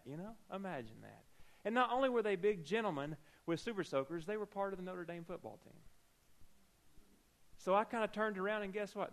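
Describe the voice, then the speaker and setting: Guy preaching, tells funny stories, acts out the dialogue, kinda high raspy voice. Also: rough recording. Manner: lively storytelling, acting out dialogue; humorous asides. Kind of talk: storytelling sermon.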